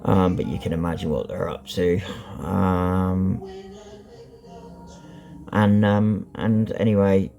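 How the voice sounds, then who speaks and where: A man's voice: sits low, little pitch movement, slow pace, vocal fry, pauses often, warm tone, soft background music. A man vlogging candidly about his life, talking bluntly and rambling with lots of ums and you-knows. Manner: blunt and frank, swears. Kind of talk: candid personal vlog.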